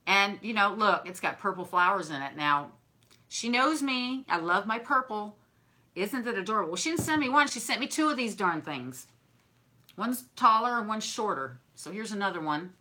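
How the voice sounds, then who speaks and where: A chatty woman with a bright, forceful voice shows off gifts from her viewers. She gushes over every little thing in a warm, effusive, casual way. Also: medium pitch, lively intonation, moderate pace. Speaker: craft and decor vlogger.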